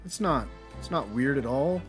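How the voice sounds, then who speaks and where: A man's voice: mid-range voice, expressive, moderate pace. A man casually commenting while playing a game, with laid-back mumbled asides, game music behind. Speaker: streamer.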